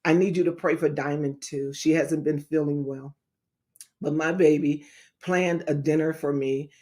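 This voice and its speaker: A woman's voice: low-pitched, steady tone, moderate pace, darkish tone. A middle-aged woman evangelist in a casual livestream talk, speaking in an emphatic, repetitive, preacher-like way.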